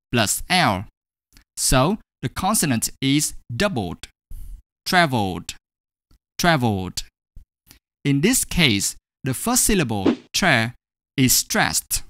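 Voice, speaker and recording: Slow, deliberate male English teacher. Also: mid-range voice, fairly bright tone, no echo, clean studio sound. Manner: slow, deliberate, repeats each example word twice. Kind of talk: grammar lesson.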